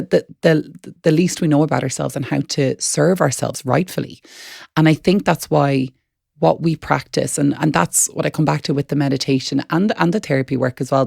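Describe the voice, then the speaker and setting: Woman cohost, really gravelly voice, earnest and encouraging, dry close mic. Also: low-pitched, darkish tone, no echo. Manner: earnest, encouraging, repeats words while thinking. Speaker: podcast co-host. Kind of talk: reflective wellness chat.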